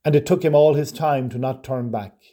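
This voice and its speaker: A man narrating a short story in a measured, even storytelling manner. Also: medium pitch.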